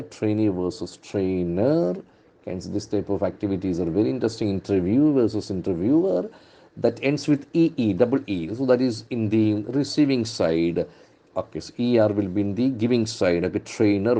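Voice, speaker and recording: A man's voice: fairly low pitch, mellow. A man teaching English vocabulary from the newspaper, repeating words and stressing their syllables. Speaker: English trainer.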